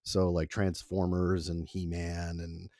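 A man's voice: low voice, monotone, slow pace, a little mellow, dry recording, studio quality. A man in his forties, born in Italy with Italian as his first language, recalling his college radio days in a rambling, self-deprecating way with lots of fillers. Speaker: former college radio producer. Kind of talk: relaxed interview conversation.

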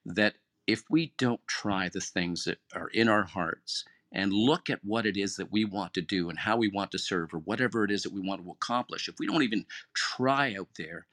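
A man's voice: fairly low pitch, a bit bright, no echo, clean studio sound. A man hosting an online group room, giving an earnest, encouraging motivational talk that repeats its key phrases. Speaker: room host and moderator.

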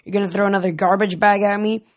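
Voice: mid-range voice, flat delivery, quick pace, close to an everyday voice. A reader doing a grumbling scruffy river god. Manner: grumbling, scoffing. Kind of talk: audiobook reading.

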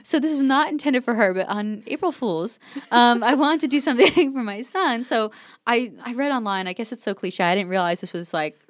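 Podcast guest, woman, high-pitched and rapid, bubbly storyteller. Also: no room sound. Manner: animated storyteller, acts out quotes, laughs often. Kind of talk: casual chat.

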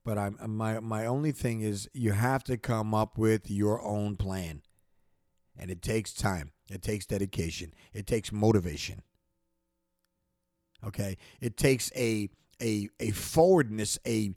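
A man's voice: on the low side, unhurried, a little mellow, no room sound, clean studio sound. A man hosting a podcast, giving a passionate motivational talk that repeats itself, builds in intensity and keeps circling back. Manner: passionate, repetitive, gets worked up then apologizes. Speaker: podcast host.

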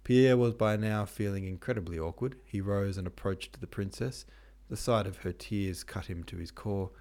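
Low, gravelly man, relaxed slangy audiobook reader. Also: moderate pace. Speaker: podcast host and reader. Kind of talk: casual modern retelling of a classic novel.

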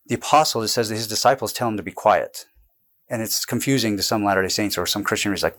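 Animated, digressive man explaining. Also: lowish voice. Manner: animated, digressive, quick bursts with restarts. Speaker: author and guest explaining his book. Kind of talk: casual explanatory interview. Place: indoors with a camera close by.

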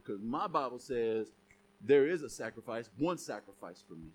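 A man's voice: mid-range voice, expressive, normal speed, husky. A man preaching a sermon to a congregation, emphatic, often asking rhetorical questions. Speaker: pastor.

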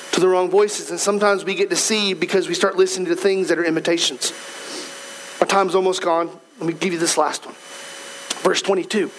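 A man's voice: high-pitched, a little hiss or hum, low-quality recording. A man preaching a sermon as pastor, in a conversational, emphatic way, speaking straight to the congregation in a church.

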